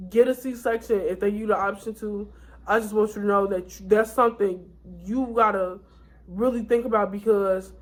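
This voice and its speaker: A tired young woman vlogging, telling her story in a candid, rambling way with many fillers and restarts. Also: medium pitch. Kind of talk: casual storytime vlog.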